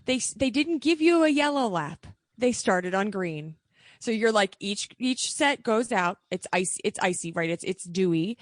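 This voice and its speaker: A woman's voice: a little high, animated, unhurried, no room sound. Woman, emphatic, dry close mic, casual podcast co-host. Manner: emphatic, repeats points. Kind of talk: casual chat.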